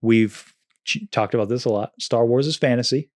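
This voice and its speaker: A man co-hosts a podcast, talking casually about a film in a thoughtful way and carefully qualifying what he says. His mid-range voice has a darkish tone and moves at a normal speed. The recording is studio quality with no room sound.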